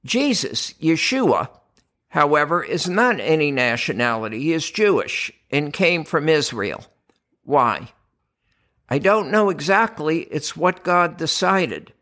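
Slow, emphatic older American male preacher. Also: a little high, animated, bright, forceful tone. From United States. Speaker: podcast host, doctor. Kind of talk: scripted religious podcast talk.

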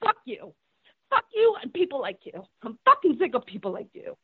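A woman's voice: high-pitched, sing-song, normal speed, no echo. A woman comedian who is an immigrant, arguing angrily with a host and swearing as she talks over him. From born in a third-world country, immigrant to the US. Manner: angry, profane, shouting over the host. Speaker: guest comedian. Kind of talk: heated argument. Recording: dry tinny phone line.

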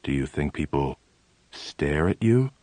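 Probing male army psychiatrist, low-pitched, cheerful and serious by turns, read by a man. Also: huge pitch swings, normal speed, dark tone, dry recording.

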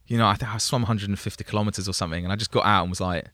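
Young man, guest on a chat show, bright voice, rambling and self-deprecating, dry close sound. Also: lowish voice, steady tone, rapid-fire, no echo. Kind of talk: casual storytelling interview.

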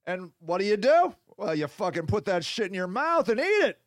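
A man's voice: high-pitched, sing-song, moderate pace, no room sound, clean studio sound. A man hosting his own podcast, delivering a rambling, profane comedic rant and acting out mock back-and-forth dialogues. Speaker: podcast host.

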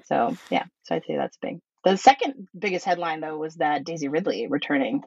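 A woman's voice: low-pitched, very animated, brisk, vocal fry, a little mellow, slight background noise. A woman hosting a podcast in a casual, thoughtful way, hesitating often with fillers. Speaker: podcast host. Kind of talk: casual chat. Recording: slightly dull lo-fi sound.

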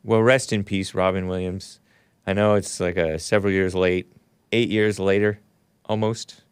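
A man's voice: low-pitched, flat delivery, moderate pace, smooth, dry recording. A man hosting a live stream, giving sarcastic, opinionated commentary and reading viewer chat aloud. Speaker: host.

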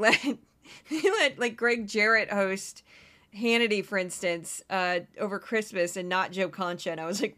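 A woman hosting a commentary podcast, chatting casually with quick asides and frequent laughter. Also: mid-range voice, pushed and bright. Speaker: podcast host.

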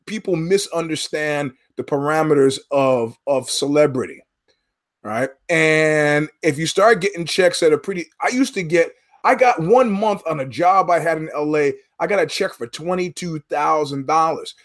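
Man, solo podcast host, high-pitched voice, sardonic, swears freely, digressive commentary. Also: moderate pace. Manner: profane, digressive, sardonic storyteller.

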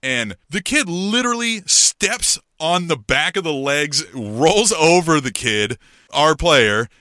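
A middle-aged man co-hosting a podcast in casual chat, telling a story in an animated way and acting out what people said. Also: on the high side, slow, no echo, studio quality. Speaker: podcast co-host.

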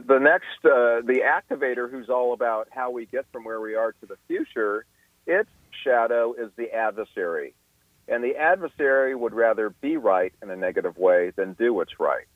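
A man's voice: medium pitch, dry recording. A man, a guest in a radio interview, explains his ideas at length, often restarting his sentences with fillers. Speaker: guest expert. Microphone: telephone. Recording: tinny phone line.

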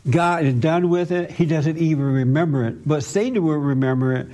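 A man with a fairly high-pitched voice teaches about faith and the mind, pressing each point with insistent repetition. He talks straight to his listeners in a counseling manner. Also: moderate pace, mellow. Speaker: spiritual teacher. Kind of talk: spiritual counseling talk.

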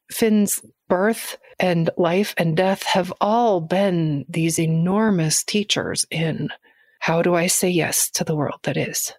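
A woman's voice: on the low side, darkish tone, no echo, studio quality. A middle-aged woman speaking candidly and earnestly as a podcast guest, laughing easily as she reflects. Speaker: guest poet.

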